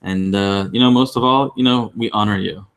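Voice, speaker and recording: Speaking at a normal speed in a fairly low voice, a man co-hosts an online class on a call, teaching casually with plenty of fillers and false starts.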